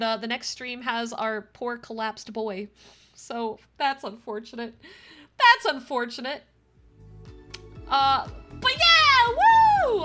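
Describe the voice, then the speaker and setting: A woman's voice: on the high side, sharp tone. A young woman game streamer, reading a visual novel aloud and chatting casually with her viewers, swearing freely. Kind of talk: casual live-stream chat and story reading. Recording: music playing behind the voice. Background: background music.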